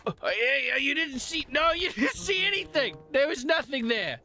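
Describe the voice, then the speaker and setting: A man's voice: extremely high pitch, sing-song, normal speed, sharp tone. A man doing playful let's-play commentary, chatting with game characters and laughing along. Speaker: gaming YouTuber. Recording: faint background game music.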